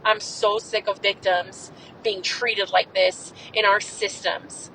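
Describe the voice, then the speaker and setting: A woman's voice: mid-range voice, level tone, takes it slowly, noisy background. A young adult woman hosting a podcast, delivering an angry, profane, emphatic monologue. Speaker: podcast host. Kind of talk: impassioned monologue.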